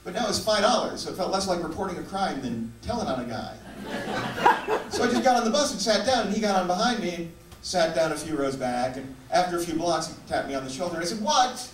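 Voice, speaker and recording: A man performing stand-up storytelling on a theater stage, wry and measured. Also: sits high, animated. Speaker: stand-up comedian. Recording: echoey live theater from far off, loud noise.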